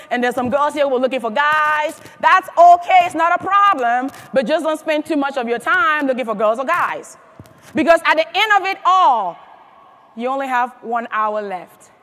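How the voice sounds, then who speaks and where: A woman's voice: high voice, fairly bright tone. A woman giving a motivational speech to a live audience, emphatic and firing questions at the crowd. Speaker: motivational speaker at a sales event.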